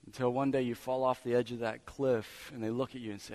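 Male pastor, sermon, emphatic, repeats lines to build up, mid-pitched voice. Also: flat delivery, quick pace, few pauses, darkish tone. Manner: emphatic, repetitive build-ups.

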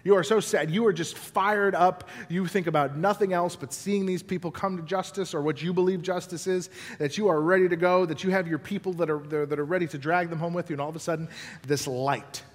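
A man preaching a sermon as pastor, telling the story with animated, acted-out scenes. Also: on the high side, in a large hall. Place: church building.

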